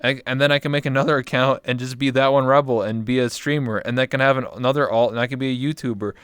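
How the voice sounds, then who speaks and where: Young dude chatting easy, smooth clear voice, dry close sound, kinda trails off. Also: male voice, mid-range voice, quick pace, no echo. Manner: relaxed, trails off quietly. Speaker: interview guest, streamer. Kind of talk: casual chat. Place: VR chat room.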